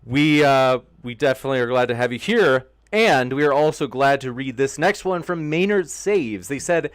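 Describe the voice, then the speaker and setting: A man's voice: mid-range voice, animated, moderate pace, no echo, studio quality. A man moderating a debate, easygoing and a little hesitant as he reads out viewer questions.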